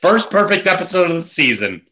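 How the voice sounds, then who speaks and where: A man's voice: high-pitched, very animated, fairly quick, pushed and bright. A man co-hosting a podcast, chatting casually in a laid-back, jokey way. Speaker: podcast co-host. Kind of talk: casual chat.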